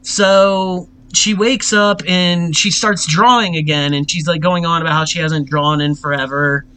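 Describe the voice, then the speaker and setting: High bright young dude on a podcast, laughs a lot, swears a lot. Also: male voice, steady tone, unhurried, clean tone, low-quality recording. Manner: laughs often, loose and profane. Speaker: podcast co-host. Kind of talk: casual chat.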